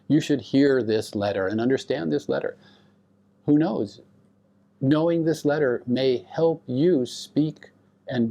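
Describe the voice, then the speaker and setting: Male Bible lecturer, slow and deliberate, with a pitch that rises and falls a lot, and he asks his listeners questions. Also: mellow. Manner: explains Greek grammar to students. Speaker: Bible teacher.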